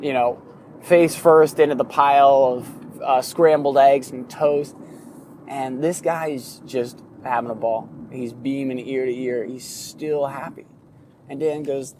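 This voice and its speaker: In a vehicle on a commute, a man with a mid-range voice and a faint hiss or hum in the audio hosts a podcast. He retells stories in a casual monologue, animatedly acting out the voices of the people he quotes and laughing at himself.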